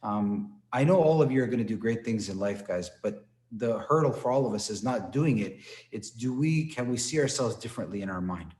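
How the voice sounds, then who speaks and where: A man's voice: on the low side, animated, fairly quick, darkish tone, reverberant. A man teaching an online martial arts class, telling stories and encouraging students with frequent "right?" and "okay?" tags. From Toronto. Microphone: computer mic on a video call.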